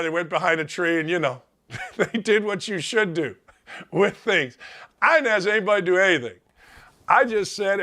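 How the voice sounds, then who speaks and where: A man's voice: sits high, sharp tone. A man hosting a sports talk show, speaking in a heartfelt, tearful monologue of gratitude, choked up and close to crying. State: choked up, near tears. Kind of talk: emotional monologue.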